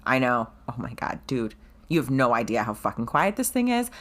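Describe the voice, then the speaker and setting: A woman's voice: rumbling low, moderate pace. A woman in her thirties co-hosting a book podcast, telling stories in casual chat with frequent swearing and laughter. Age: 30s. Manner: animated, swearing, laughing storyteller. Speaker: podcast co-host.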